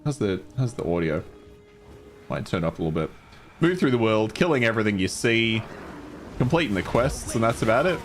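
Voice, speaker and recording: A man's voice: lowish voice, big pitch swings, fairly quick, long pauses, soft background music. A man streaming a game casually, chatting with viewers and swearing now and then. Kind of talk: casual gameplay livestream.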